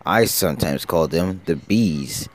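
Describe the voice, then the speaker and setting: A man's voice: low voice, lively intonation, unhurried. A man voicing a plain-spoken male tank engine with a dry, blunt manner. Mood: wry.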